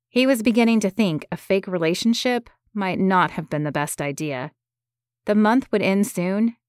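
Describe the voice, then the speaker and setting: A woman giving scripted narration of a romance audiobook in a measured, gentle way. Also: lowish voice, no room sound, clean studio sound.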